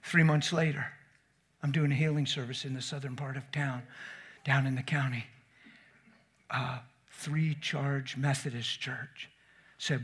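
A middle-aged man preaching a storytelling sermon, animated, swinging from shouts down to whispers. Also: medium pitch, measured pace, pauses often, slightly rough.

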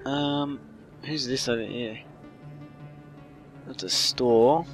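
Guy joking and rambling over a game, slow talk, bit of music under. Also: mid-range voice. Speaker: gamer. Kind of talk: casual game commentary.

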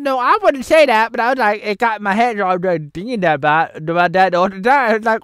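A woman's voice: medium pitch, brisk, hardly any pauses, a bit bright, smooth, no echo, clean studio sound. A woman rambling through a comedic film review vlog, giggling often and jumping between silly voices and asides.

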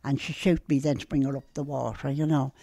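An elderly Irish woman with a Dublin accent, telling stories from her youth to an interviewer in a lively, plain-spoken way. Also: rumbling low, brisk, a little hiss or hum. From Ireland. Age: older. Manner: lively and plain-spoken, acting out old conversations. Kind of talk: storytelling reminiscence.

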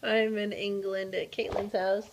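A woman's voice: mid-range voice, flat delivery, a little slow. A woman vlogging casually to her camera, chatty and giggly, talking to her dog. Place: indoors then outdoors in heavy rain. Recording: muffled with background noise.

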